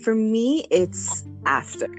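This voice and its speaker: A young adult woman, a newborn photographer, chatting as a guest in a casual podcast interview, animated and laughing often, with frequent ums. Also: fairly high pitch, takes it slowly, soft background music.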